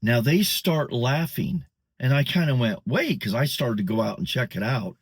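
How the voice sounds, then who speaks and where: A man's voice: mid-range voice, animated, moderate pace, breathy edge, dry recording, clean studio sound. An older man telling a story in a casual, rambling way, full of fillers and restarts, recorded outdoors in a parking lot. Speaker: vlogger.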